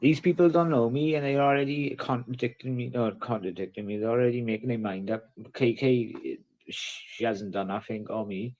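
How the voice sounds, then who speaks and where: A man's voice: mid-range voice, normal speed, darkish tone. A man hosting a casual livestream, ranting and swearing in between jokes. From Wales. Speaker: livestream host.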